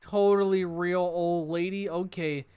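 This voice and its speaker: A man's voice: high-pitched, steady tone, unhurried, dark tone, smooth, no echo. A man giving casual let's-play commentary, thinking aloud, hedging and joking as he works through cases. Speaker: game streamer.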